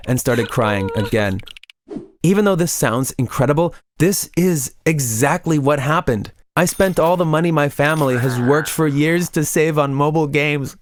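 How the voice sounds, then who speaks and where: A man's voice: a little high, moderate pace, a little hiss or hum. A man reading a scripted first-person confession story in plain storytelling. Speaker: narrator.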